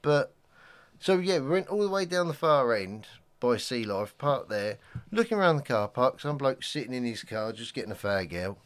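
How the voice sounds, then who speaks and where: Chatty man, lively storyteller. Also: medium pitch, normal speed, clear, resonant tone. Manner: chatty anecdote-teller, slips into quoted voices. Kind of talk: casual chat, storytelling.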